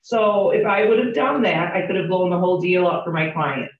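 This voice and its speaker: A woman's voice: lowish voice, a little fast. A woman teaching real estate agents, chatty and candid, telling stories and asking the class questions. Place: training room with a group. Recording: roomy, distant, dull classroom recording.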